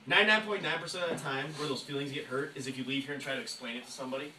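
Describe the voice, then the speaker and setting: Excitable male trainer, rapid-fire and bright, echoey meeting room, mic at a distance. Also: mid-range voice, a little hiss or hum. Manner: fast, excitable, emphatic, often acts out phone calls. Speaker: network marketing trainer. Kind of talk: energetic live training talk.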